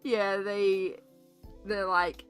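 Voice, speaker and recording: An Australian-accented woman in her thirties speaks extremely slowly in a medium-pitched, flat, clean voice, with faint music in the background. As an art streamer colouring on stream, she's chatty, laughs, and imitates sarcastic grown-up voices in casual chat.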